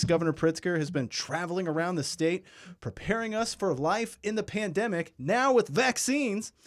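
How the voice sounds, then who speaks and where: A young man hosting a podcast in casual chat, jokey and emphatic as he presents. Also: on the high side. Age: young adult. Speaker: podcast host.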